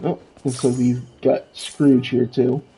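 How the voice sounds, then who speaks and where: A man streaming a video game live, narrating his moves in a relaxed way and chatting to viewers. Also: mid-range voice, slow pace, faint music behind, poor audio. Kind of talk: casual live game commentary.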